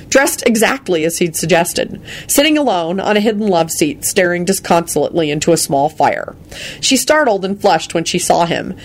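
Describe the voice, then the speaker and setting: Woman reading a story aloud, lowish voice. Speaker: narrator.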